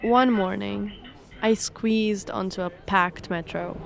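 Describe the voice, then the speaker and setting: A young woman from Romania, a native Romanian speaker, giving a reflective, measured scripted narration of her own story. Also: medium pitch, steady tone, creaky, noisy background.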